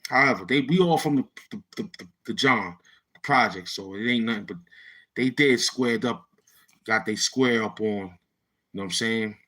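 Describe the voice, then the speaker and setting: A man's voice: fairly low pitch, moderate pace, sharp tone. A man from Brooklyn with a New York accent casually telling a street story in slang, acting out what his friends said. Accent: New York City. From Brownsville, Brooklyn, New York. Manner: laid-back street slang, acts out quoted friends.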